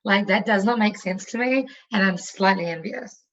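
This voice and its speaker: A woman co-hosting a virtual concert speaks with a middle-pitched voice. She chats casually and playfully, admiring what she sees. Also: moderate pace, a bit bright, lo-fi sound. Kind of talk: casual chat.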